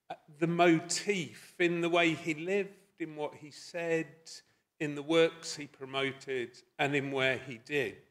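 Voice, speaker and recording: A man's voice: on the high side, a bit bright. A middle-aged man with a Scottish accent giving a conference talk, thoughtful and self-deprecating, with hesitant fillers. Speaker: conference speaker. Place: conference hall.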